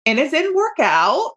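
A woman hosting a motivational podcast, talking heartfelt and emotional, calling her listeners y'all as she coaches them. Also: mid-range voice. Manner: heartfelt, emotional, slow deliberate emphasis. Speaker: podcast host and business coach.

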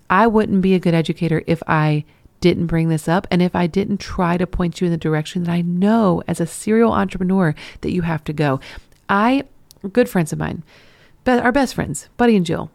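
Earnest woman with a gravelly low voice. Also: a little mellow, no echo. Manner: earnest, encouraging, rambling with restarts. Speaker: podcast host. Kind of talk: solo podcast monologue.

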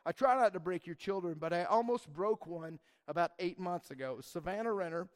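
A young man, a church youth leader, telling a rambling, animated story to a group and saying man and dude a lot. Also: sits high, brisk.

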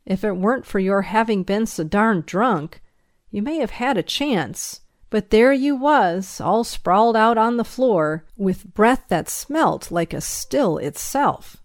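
A woman reading the part of a gruff but fatherly male country sheriff, with a folksy, drawling way of talking. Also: mid-range voice, expressive, slow, dry recording, clean studio sound. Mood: gruff scolding.

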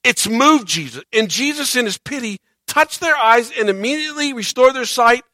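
Male pastor, sermon delivery, bright tense tone, dramatic swings in volume, acts out voices. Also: very high voice, normal speed, no echo. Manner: animated preaching, acts out quoted voices, swings loud and soft.

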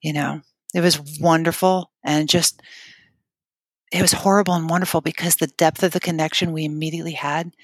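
A middle-aged woman telling an emotional personal story in an interview, halting, with restarts and fillers. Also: low-pitched, steady tone, no echo, clean studio sound. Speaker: guest telling her story.

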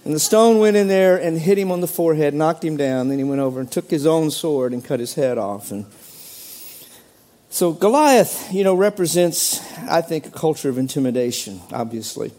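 A man preaching a sermon as pastor, animated, acting out quoted voices with sudden jumps in pitch. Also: moderate pace.

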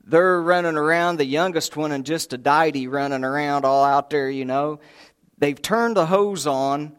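A man preaching a sermon, a folksy storyteller who acts out voices and chuckles. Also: fairly high pitch. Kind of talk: sermon with humorous stories. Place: church sanctuary.

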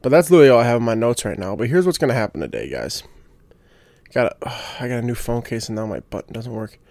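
Young man, casual solo podcaster, rambling, fired-up delivery, dry close mic, mid pitch. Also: big pitch swings, fast, creaky, darkish tone, no room sound. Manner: rambling, gets fired up, lots of restarts and fillers. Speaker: podcast host.

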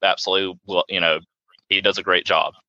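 Brief: man, podcast co-host, low bright voice, slightly dull lo-fi sound. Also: flat delivery, quick pace, no echo. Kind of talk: casual chat.

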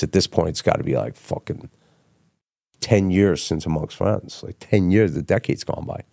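A man's voice: deep voice, normal speed, gravelly, warm tone, no room sound, studio quality. A middle-aged man telling a long story in a casual interview, rambling and swearing freely as he acts out the voices of people he quotes. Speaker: guest, TV writer and producer.

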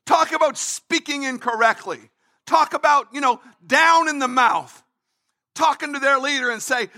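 A man's voice: very high-pitched, normal speed, bright, forceful tone. A man preaching a livestreamed sermon as pastor, reading scripture aloud and pressing his points with emphatic repetition.

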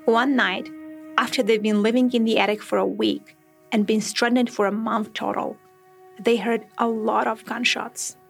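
A woman narrates a documentary podcast in a slightly high voice with a gravelly fry at the ends of her phrases. Her storytelling is measured and reflective, and soft music sits far behind her. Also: steady tone.

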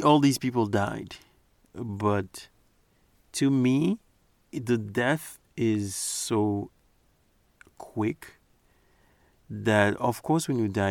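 A man's voice: fairly low pitch, creaky, dry recording. A man giving casual, earnest commentary on a movie scene, reflecting as he analyzes it.

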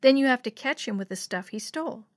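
A woman's voice: fairly high pitch, animated, fast, no echo, clean studio sound, natural voice. A woman voicing an eager, anxious young girl who talks urgently.

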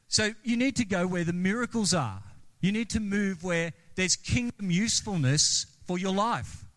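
A man preaching a sermon as a pastor, talking conversationally and asking the congregation questions. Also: a little high. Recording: long reverb of a large hall.

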